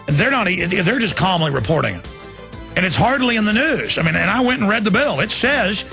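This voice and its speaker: A man's voice: high-pitched, expressive, moderate pace, vocal fry, sharp tone, faint music behind. A man hosting a talk radio show, delivering an urgent, indignant monologue and pleading with his listeners.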